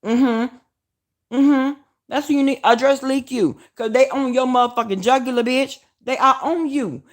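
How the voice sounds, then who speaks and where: A woman with a Southern US accent on a casual livestream, talking loudly and profanely, hollering and calling her viewers y'all. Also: high-pitched, normal speed. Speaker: vlogger.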